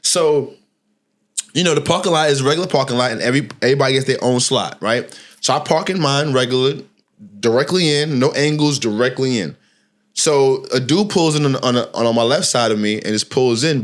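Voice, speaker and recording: A middle-aged man in the host's seat, spinning a story from his week with loose slang and plenty of restarts. His voice sits at an ordinary, mid-range pitch and his telling stays lively and conversational. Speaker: podcast host. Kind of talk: casual storytelling chat.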